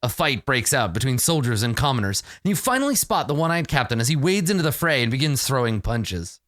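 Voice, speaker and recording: A man's voice: mid-range voice, fairly quick, no echo, studio quality. A man running a tabletop game as dungeon master, reading the dramatic scene-setting text aloud. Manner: lively, reads dramatic box text.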